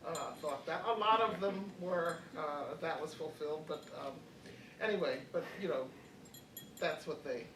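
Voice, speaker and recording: A woman's voice: low-pitched, moderate pace, echoey room, recorded from a distance, background noise. An older woman in her eighties, reflecting on her college years as a panelist, hesitant with many fillers and restarts and frequent laughs. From Baltimore. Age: 80s. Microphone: video call.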